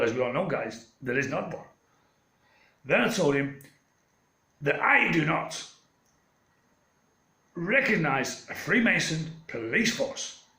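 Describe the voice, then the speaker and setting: A man's voice: on the high side, sharp tone, reverberant. A man telling a long, meandering story in a defiant, swearing rant to his channel. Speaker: channel host. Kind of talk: rambling ranting monologue.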